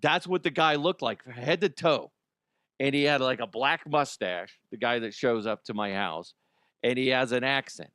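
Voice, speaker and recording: A man hosting a comedy show, telling a story in a profane, animated way, laughing and jumping his voice high for effect. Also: moderate pace, no echo, studio quality. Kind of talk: comic storytelling monologue. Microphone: studio microphone.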